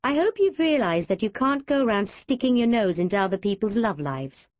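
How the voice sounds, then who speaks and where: A woman's voice: medium pitch, big pitch swings, fairly quick, dry recording, muffled recording, voice pushed up, close to an everyday voice. A woman voicing Gina, a lofty, bossy teenage girl, in a haughty, prim manner.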